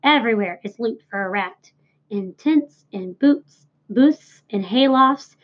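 A cunning old storybook ewe talks in a coaxing, savoring way, played by a woman reader. The voice sits a bit high. The recording is dull and lo-fi. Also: lively intonation, slow. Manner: lush, savoring listing of foods. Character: crafty old female sheep, coaxing and worldly.

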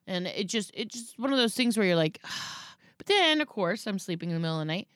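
A woman's voice: mid-range voice, a little fast, dry recording, clean studio sound. A woman in her thirties chatting casually as a podcast co-host, telling stories and acting out the lines she quotes. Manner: animated storyteller, acts out quotes. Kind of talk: casual chat.

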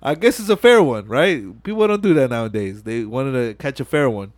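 A man's voice: medium pitch, a little fast, no room sound. A young man hosting a podcast, retelling a film scene by scene in casual, profane slang. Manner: slangy, profane, animated storytelling. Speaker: podcast host. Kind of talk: casual movie recap chat.

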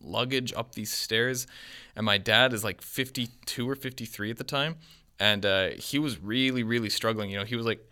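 A man's voice: medium pitch, normal speed. A man in his twenties telling a rambling travel story in casual podcast chat. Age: 20s. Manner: rambling, animated storyteller with quoted voices.

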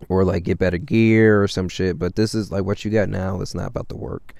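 A man's voice: sits low, steady tone, fairly quick, creaky, a little mellow, dry recording. A young man telling a casual, rambling story, swearing freely and filling his sentences with fillers. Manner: rambling and profane, with constant fillers. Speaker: vlogger.

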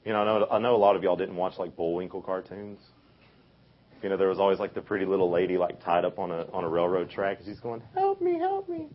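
A man's voice: low voice, little pitch movement, fast talker. A young man giving a youth sermon in a casual, conversational way, full of fillers and restarts. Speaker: youth speaker. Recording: dull lo-fi recording.

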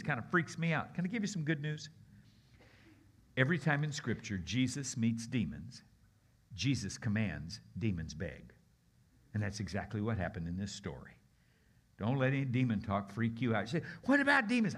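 A man preaching a sermon as a guest speaker, telling the story with lively energy, acting out the characters' voices and swinging between loud bursts and hushed, slow lines. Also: on the low side, husky.

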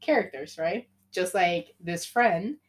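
A young woman chatting casually, playfully acting out a made-up story with quick character voices. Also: fairly low pitch.

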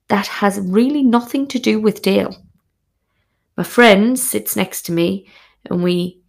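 A woman tells a comic personal story, frank and full of swearing. Her voice has a gravelly, creaky texture at a middle pitch. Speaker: podcast host.

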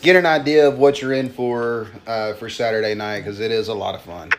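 A man's voice: mid-range voice, fairly even intonation, a little fast. A man hosting a casual podcast, easygoing as he runs through the segments. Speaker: podcast host. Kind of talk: casual chat.

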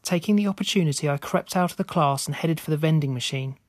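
Guy reading a creepy story, steady measured pace, kinda high voice, dry close sound. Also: no room sound. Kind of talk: scripted narration.

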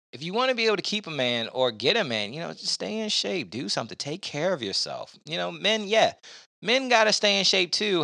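A man's voice: medium pitch, sharp tone, no echo, clean studio sound. A man hosting a casual podcast, giving blunt opinions in a rambling way with lots of fillers. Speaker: podcast host.

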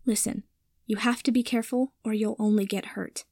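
A woman voicing a fierce, protective young woman who talks in a sharp, cutting way. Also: a little high, steady tone, fairly quick, breathy edge, no room sound, studio quality. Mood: earnest. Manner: cutting, forceful when angry.

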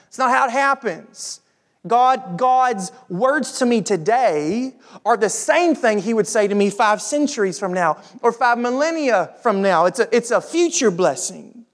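Pastor, sermon, mid-pitched voice, informal, rhetorical questions, reads then explains scripture. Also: lively intonation, moderate pace. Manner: conversational, asks the listeners rhetorical questions; informal, with frequent fillers and repeated words.

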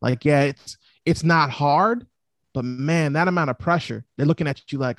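A man speaking as a guest in a casual interview, explaining his investing plans in an animated, storytelling way. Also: a little high, moderate pace, no room sound. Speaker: real estate investor guest.

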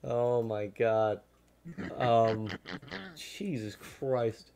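A man's voice: medium pitch, steady tone, drawn-out words, dark tone. A young man hosting a podcast in casual chat, who swears a lot and gets frustrated easily. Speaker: podcast host.

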